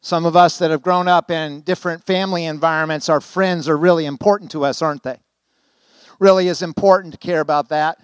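An older man delivers a sermon in a church, his voice sitting high for a man and coming through smooth and clear. He talks in a folksy, storytelling way, tossing rhetorical questions to the congregation. The sound is dry and close to the mic. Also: fairly even intonation, fairly quick, no room sound. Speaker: guest preacher. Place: church sanctuary.

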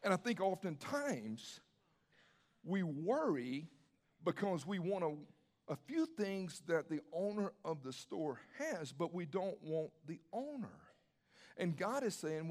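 A man's voice: high-pitched, big pitch swings, takes it slowly, a little mellow. A man pastor preaching a sermon in a conversational way, asking rhetorical questions and repeating his key phrases for emphasis.

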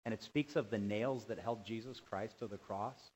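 A man preaching a sermon as pastor, animated, dropping to quiet asides and rising to loud emphatic bursts. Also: fairly low pitch, moderate pace, a little hiss or hum. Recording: dull lo-fi sound.

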